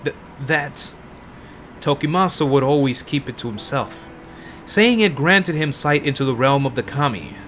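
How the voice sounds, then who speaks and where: Man reading a grieving older woman in a game, tired husky voice, somber and slow. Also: mid-range voice, animated, fairly bright tone, a little hiss or hum, close to an everyday voice. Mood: bitter. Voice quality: tired, husky put-on old lady voice. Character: weary older woman, grieving former cult member.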